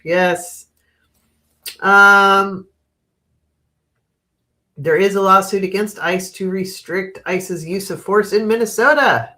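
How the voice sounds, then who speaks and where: A woman's voice: mid-range voice, fairly even intonation, takes it slowly, long pauses, bright, forceful tone. A woman hosting a casual live stream, chatting, reading out viewer comments, laughing often and giving frank opinions on the news. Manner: frank and opinionated on current events.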